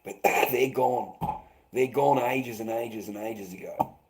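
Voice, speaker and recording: A man's voice: mid-range voice, takes it slowly, darkish tone, poor audio. A middle-aged Australian man rambling bitterly to viewers, swearing constantly and calling them mate. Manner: profane, bitter, repetitive, calls listeners mate. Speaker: vlogger.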